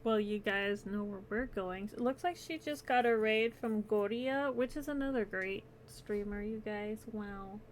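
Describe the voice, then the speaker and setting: A woman's voice: mid-range voice, unhurried, hardly any pauses, a little hiss or hum. A woman streamer chatting casually with her viewers while crocheting, giggling often and yawning near the end of her stream.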